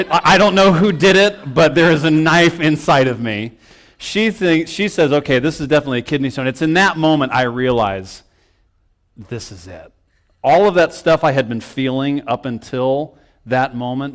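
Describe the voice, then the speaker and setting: A man's voice: medium pitch, a bit bright. A young man preaching in a church, telling a personal story with self-mocking humor and acted-out quotes. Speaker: pastor. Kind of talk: storytelling sermon. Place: church sanctuary.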